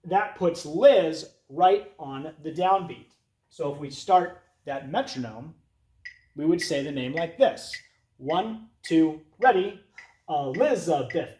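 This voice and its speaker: A man teaches a children's music lesson and chants names along with a steady beat. His voice sits high and swings widely in pitch. The echo of the room comes through clearly. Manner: lively, chanting names in rhythm over a metronome. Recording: roomy echo.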